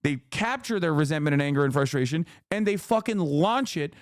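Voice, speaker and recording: A man's voice: fairly high pitch, lively intonation, brisk, no echo, studio quality. A man giving casual, profane reaction commentary as a streamer, ranting animatedly.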